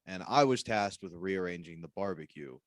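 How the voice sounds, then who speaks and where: Dry deadpan male podcast host. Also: deep voice, moderate pace. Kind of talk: casual storytelling banter.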